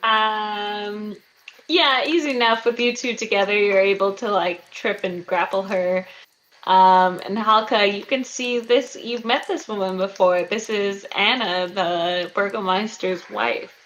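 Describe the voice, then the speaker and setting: A woman's voice: mid-range voice, steady tone, unhurried, a bit bright, low-quality recording. A woman running a tabletop game as game master, talking casually and laughing often. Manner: casual, laughing, filler-heavy.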